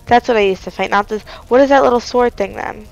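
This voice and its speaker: A young woman asks puzzled questions while she plays a game with a friend. Her voice is gravelly and fairly high, and the sound is dull and lo-fi. Faint music sits underneath. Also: fast talker. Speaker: friend playing along. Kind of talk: casual gameplay chat.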